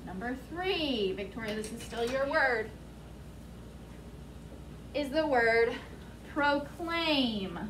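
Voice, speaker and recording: Woman teacher, high voice, unhurried vocabulary lesson, echoey classroom. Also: expressive, noisy background. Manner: slow, deliberate, spells words out letter by letter. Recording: echoey classroom, mic at a distance.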